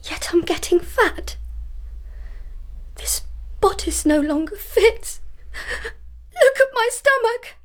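A young woman playing a gentle, distraught young lady who pleads emotionally. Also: extremely high pitch, expressive, moderate pace, slight background noise. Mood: panicked.

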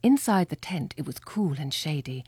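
A woman with a somewhat low voice reads a children's story aloud, lively and expressive. The recording is close and dry, with no room sound. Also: moderate pace, husky, no echo. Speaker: reader. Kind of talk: storybook read-aloud narration.

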